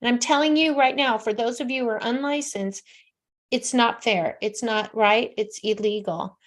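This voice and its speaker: A woman in her sixties talks as a psychic show host, her voice sitting a little high. She speaks with emphatic conviction, then drops into soft, hushed near-whispers while giving heartfelt advice. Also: steady tone, normal speed. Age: 60s. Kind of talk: casual call-in advice talk.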